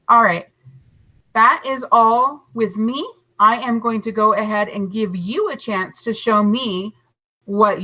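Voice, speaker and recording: A woman teacher giving a recorded lesson to young children, stretching out each word slowly and encouraging them. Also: on the high side, sharp tone, poor audio. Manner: slow, drawn-out modeling of words, encouraging.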